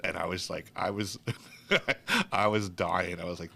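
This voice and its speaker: A man's voice: deep voice, unhurried, vocal fry, sharp tone. A man from New York hosting a casual chat, telling rambling stories with lots of fillers and easy laughter. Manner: rambling storyteller, laughs easily, many fillers. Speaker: host.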